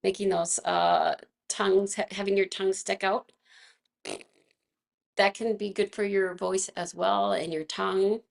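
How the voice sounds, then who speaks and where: A woman leading a casual live online movement class, chatty and gentle, laughing often, her voice a little froggy from vocal fatigue. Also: mid-range voice, little pitch movement, unhurried, creaky, pauses often.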